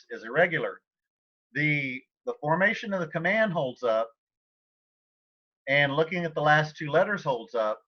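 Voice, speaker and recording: A man with a fairly high voice teaches a live online language class in a loose, chatty way. He keeps stopping to clear his throat. The sound is dull and lo-fi, like computer audio from a video call. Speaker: Spanish teacher.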